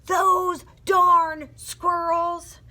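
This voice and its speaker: A woman reading aloud, voicing a grumpy old man who yells out loud and stretches his words. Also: very high-pitched, level tone, pitched above the performer's own voice, full character voice. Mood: angry. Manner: loud, drawn-out yelling.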